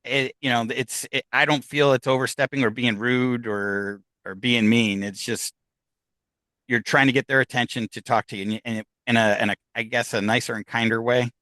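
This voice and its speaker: A man's voice: medium pitch, steady tone, moderate pace, bright, forceful tone, no echo. A man who investigates the paranormal, chatting casually in an interview, rambling with many restarts and fillers. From United States.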